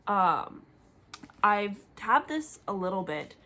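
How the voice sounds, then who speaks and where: Speaking slowly in a mid-range voice, a young woman chats at home on a reading vlog about her current book. She rambles with lots of fillers and reacts with open emotion.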